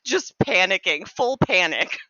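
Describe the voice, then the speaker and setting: A woman's voice: mid-range voice, expressive, unhurried, bright, forceful tone, dry recording, highs cut off. A woman narrating as game master of a tabletop game, casual and giggly, with lots of fillers.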